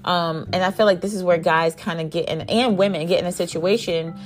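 Blunt, lower-pitched woman telling a story. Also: fairly quick, faint music behind. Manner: blunt and profane, lively retelling. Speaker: podcast host. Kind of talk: candid storytelling chat.

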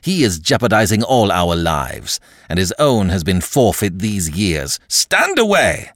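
Man doing a stern young hero, commanding, deep, dry close sound. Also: lively intonation, measured pace, no echo.

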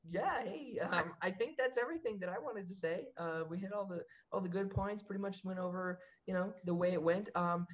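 Excitable young man telling stories. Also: high voice, a little fast, hardly any pauses, muffled recording. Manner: excitable, laughing storyteller with many fillers. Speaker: podcast co-host. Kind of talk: casual chat.

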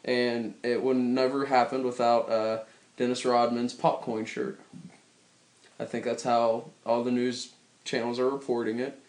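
A young man co-hosting a podcast, chatting casually and joking, rambling with drawn-out pauses. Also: medium pitch, level tone, a little mellow. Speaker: podcast co-host. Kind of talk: casual chat. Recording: echoey room.

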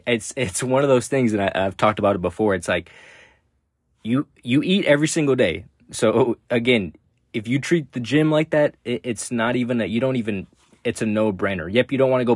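A man's voice: lowish voice, husky, dry recording, studio quality. A young man hosting a podcast, giving a blunt, profane motivational talk that keeps repeating its points. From United States. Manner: blunt, heavy swearing, repeats himself. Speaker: podcast host. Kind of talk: casual motivational monologue.

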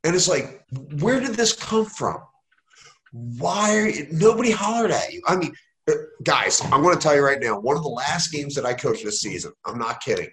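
A man who coaches youth football, telling stories in casual conversation with animated swings in his voice. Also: normal speed, a little hiss or hum. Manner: animated, jumps in pitch when telling a story. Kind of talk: casual conversation, anecdotal storytelling. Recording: echoey room.

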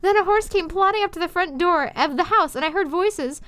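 High-voiced young woman, giggly reader. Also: brisk, a bit bright, no room sound. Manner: giggly, self-deprecating asides. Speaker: video host reading fan fiction. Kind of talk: comedic reading with commentary.

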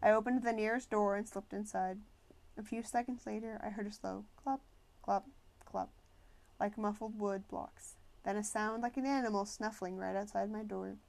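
Female audiobook narrator, mid pitch, measured storytelling. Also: steady tone, creaky, darkish tone. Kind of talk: first-person novel narration.

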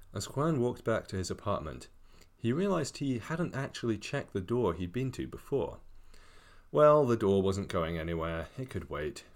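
A man telling a comic story, his voice fairly low but very lively, full of wry, casual asides. He narrates in an easy, relaxed way. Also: moderate pace.

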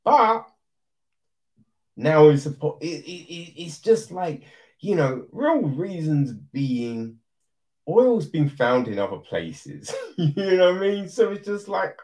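A man's voice: fairly high pitch, big pitch swings, takes it slowly, darkish tone. A man ranting in casual commentary, exasperated, swearing and tossing in rhetorical asides.

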